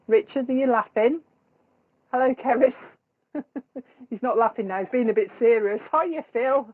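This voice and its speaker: A woman hosting a live psychic stream, chatting with viewers and laughing easily between remarks. Her voice sits at an ordinary middle pitch for a woman. The sound is thin and tinny, as if heard over a phone line. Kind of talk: casual live-stream chat greeting viewers.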